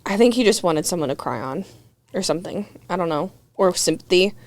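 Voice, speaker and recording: A woman's voice: on the low side, lively intonation, a little fast, no room sound. A young woman, a podcast guest, telling a dating story in casual chat, candid and profane, full of "like" and acted-out quotes. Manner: candid, profane, heavy "like" filler, acts out quotes.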